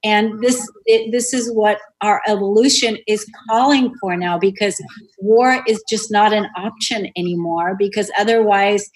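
A woman's voice: medium pitch, fairly even intonation, measured pace, rough recording. A woman hosting a spiritual radio show, talking in an earnest, flowing way with fillers and restarts. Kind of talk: spiritual conversation.

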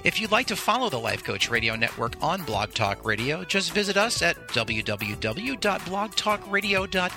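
A man, the show's host, reading a scripted sign-off smoothly, with web addresses and a goodbye. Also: fairly high pitch, sharp tone. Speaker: radio show host. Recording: outro with music behind.

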